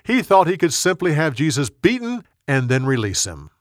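A man narrating a Bible story in an expressive, dramatic reading style. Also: fairly high pitch, normal speed, dry recording, clean studio sound. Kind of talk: scripted storytelling.

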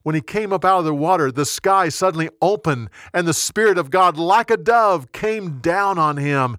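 A man narrating a Bible story in a dramatic, expressive scripted reading. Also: a little high, moderate pace, no room sound, clean studio sound.

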